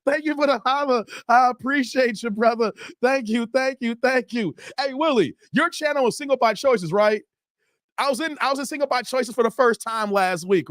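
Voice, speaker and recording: A man's voice: very high voice, a bit bright, no room sound, studio quality. A man hosting a live stream, joking and laughing while reading chat aloud. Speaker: livestream host.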